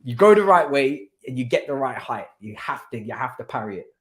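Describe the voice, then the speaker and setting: A man hosting a live football watchalong, swinging between low muttering and excited shouting and repeating his phrases in street slang. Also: fairly quick. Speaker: watchalong host.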